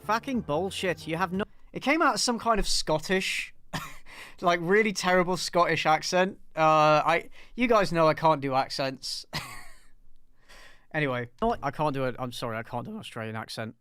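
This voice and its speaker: A man's voice: a little high, normal speed, a bit bright, smooth, dry recording, studio quality. A man hosting a casual live commentary on a film review, sarcastic and ranting with plenty of swearing and laughter. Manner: laughs often.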